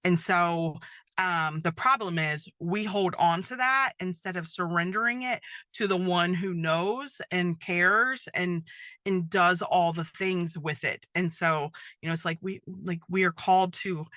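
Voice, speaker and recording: Chatty middle-aged woman, bright and dry. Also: on the low side, measured pace, no room sound. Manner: chatty, many fillers like "um" and "like". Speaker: podcast host. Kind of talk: casual faith-based podcast monologue.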